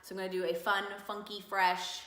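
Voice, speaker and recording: A woman chatting her way through a casual makeup tutorial, self-mocking and full of fillers, recorded at home under bright lights. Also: mid-range voice, flat delivery, fairly quick. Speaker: beauty vlogger. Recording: echoey room.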